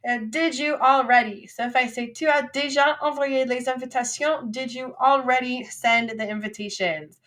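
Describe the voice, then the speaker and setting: Upbeat female French teacher, highish voice. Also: steady tone, normal speed, few pauses, a bit bright. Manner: clear, upbeat teacherly drilling with repeat-after-me prompts. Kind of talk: recorded classroom vocabulary lesson.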